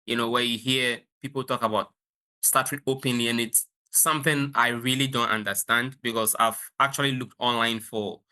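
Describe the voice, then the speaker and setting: A man's voice: medium pitch, pushed and bright. A man who stutters with repeated sounds while thinking aloud, asking a question in an online Q&A. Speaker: audience member asking a question.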